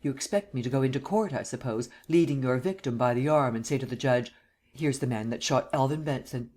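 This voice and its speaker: A man's voice: medium pitch, a little fast, darkish tone, close to an everyday voice. A man voicing an indignant middle-aged district attorney with a terse, cold manner. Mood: sarcastic.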